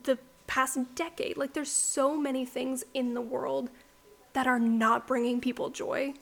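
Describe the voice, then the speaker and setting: A woman with a fairly high voice co-hosts a casual book club podcast over a podcast mic. She talks in a chatty, rambling way, often dropping "like" between thoughts. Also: little pitch movement, unhurried, gravelly, a bit bright. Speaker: podcast co-host.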